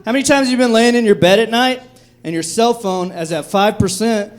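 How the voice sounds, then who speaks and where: A man's voice: high-pitched, fairly quick. A young adult man doing a stand-up comedy set on a club stage, profane and rambling, often laughing at his own jokes. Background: audience laughter.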